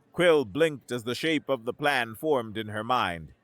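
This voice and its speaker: A man narrating a sci-fi story in a steady, even scripted delivery. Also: mid-range voice, measured pace, few pauses.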